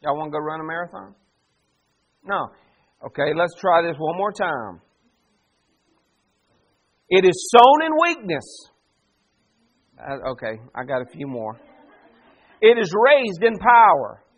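A pastor preaching a sermon, animated and full of rhetorical questions to the congregation. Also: male voice, a little high, moderate pace, pauses often, husky, lo-fi sound.

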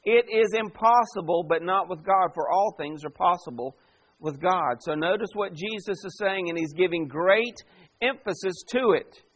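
Emphatic high-voiced male preacher. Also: normal speed, a bit bright, rough recording. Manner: emphatic preaching, rising and falling in force. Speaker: pastor. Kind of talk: sermon.

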